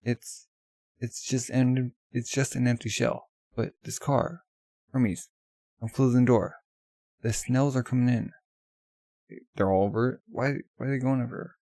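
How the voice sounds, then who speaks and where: A man's voice: mid-range voice, fairly even intonation, moderate pace, vocal fry, mellow, no room sound. A man casually reading a manga aloud in a loose, offhand way full of fillers. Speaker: manga reader.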